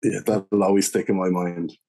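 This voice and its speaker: Young irish guy rambling through a story, lowish voice, lots of "like". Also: level tone, moderate pace, dark tone. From Ireland. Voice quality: rambling, full of "like" and restarts. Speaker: guest, beer reviewer. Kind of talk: casual storytelling interview.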